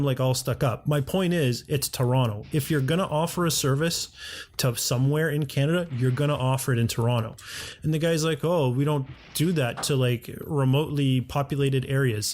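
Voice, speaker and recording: A man's voice: fairly high pitch, a little fast, darkish tone. A man hosting a gaming video, chatting casually and acting out quoted dialogue with an exasperated, rambling manner. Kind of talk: casual storytelling over gameplay.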